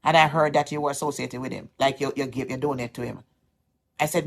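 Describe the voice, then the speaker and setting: A woman's voice: very deep voice, steady tone, fairly quick, gravelly. A Jamaican woman vlogger speaking straight to camera, insistent and aggrieved, repeating her points as she calls someone out. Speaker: social media vlogger. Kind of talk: heated direct-to-camera callout.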